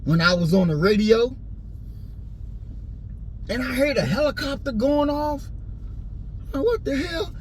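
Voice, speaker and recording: A man delivering an impassioned, preachy rant and story, repeating his points and rising into shouts. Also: extremely high pitch, measured pace, long pauses, a little hiss or hum, poor audio. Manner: preachy, repetitive, swings into shouting.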